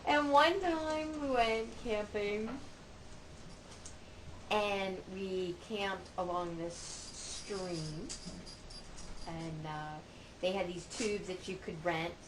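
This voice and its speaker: A middle-aged mother tells family anecdotes in a playful, self-mocking way, taking her time over each phrase. Her voice sits a little low. A steady noise runs under the amateur recording. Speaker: mother telling family stories. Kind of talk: casual storytelling monologue.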